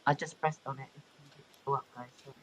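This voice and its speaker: A livestream host from England with an English accent softened by years in America, chatting loosely and talking straight to viewers. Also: mid-range voice, steady tone, quick pace, muffled recording, a little hiss or hum. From England, Royal Berkshire. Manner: rambling, chatty, addressing viewers directly. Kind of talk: casual livestream chat.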